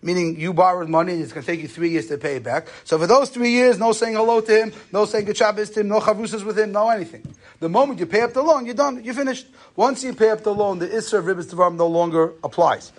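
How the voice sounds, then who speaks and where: Quick, high-voiced man teaching a Torah class. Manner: conversational, storytelling, Yiddish and Hebrew terms. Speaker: rabbi lecturer. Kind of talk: Torah lesson on Jewish law.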